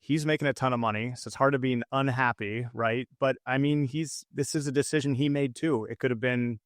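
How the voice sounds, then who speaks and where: A man's voice: mid-range voice, steady tone, fairly quick, no echo, clean studio sound. An American man co-hosting a podcast, chatting casually and rambling with lots of fillers and restarts. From United States. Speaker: podcast co-host. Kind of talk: casual chat.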